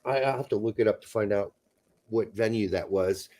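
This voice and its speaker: A man co-hosting a casual soccer talk show, profane and animated, bursting into loud mock rants. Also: fairly low pitch, normal speed. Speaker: podcast co-host. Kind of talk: casual chat.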